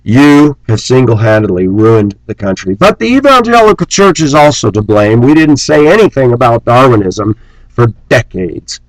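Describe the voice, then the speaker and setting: A man's voice: big pitch swings, moderate pace, dry recording, low-quality recording. A man delivering an angry, preachy rant on his vlog, scornful and sarcastic. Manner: mocks opponents in shrill put-on voices. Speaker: vlogger.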